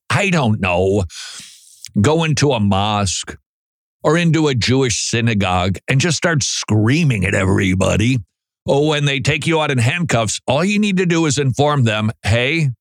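A man from Minnesota hosting talk radio in a studio, sarcastic and animated, often stammering and restarting his sentences. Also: mid-range voice, no echo. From Saint Paul, Minnesota. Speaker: radio host.

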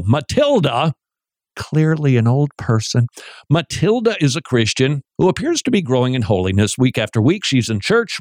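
A man teaching in a sermon style, animated and joking, with many rhetorical questions. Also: medium pitch, dry recording, studio quality.

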